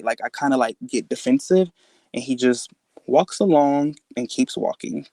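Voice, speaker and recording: A man recounting a frightening personal experience in casual, halting speech, full of fillers and restarts, jumping up in pitch to act out quoted dialogue. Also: dark tone, no room sound. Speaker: guest telling a personal encounter story.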